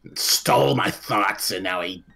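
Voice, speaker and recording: Man, deep raspy voice, forceful tone, gruff tabletop player. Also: unhurried. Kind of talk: in-character tabletop play.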